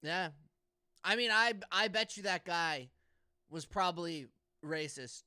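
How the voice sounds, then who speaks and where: A man's voice: sits high, lively intonation, a little slow, sharp tone, clear, resonant tone, dry recording, studio quality. A young man co-hosting a casual comedy podcast, rambling and stammering through restarts. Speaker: podcast co-host.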